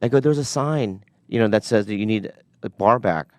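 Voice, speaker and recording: A man on a podcast telling a casual personal story, animated and acting out the people in it. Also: lowish voice, fast talker, no echo. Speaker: podcast guest.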